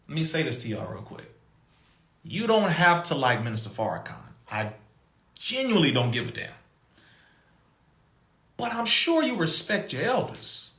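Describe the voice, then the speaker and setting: A man telling a story in an emphatic, animated way, mimicking other people's voices and laughing between points. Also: fairly high pitch, moderate pace, long pauses, roomy sound. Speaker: podcast guest.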